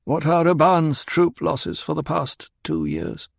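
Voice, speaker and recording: A man's voice: on the high side, big pitch swings, measured pace, vocal fry, no echo, clean studio sound, voice pushed up, full character voice. A man voicing a shrewd, bitter old spymaster who speaks in a clipped, coldly insistent way.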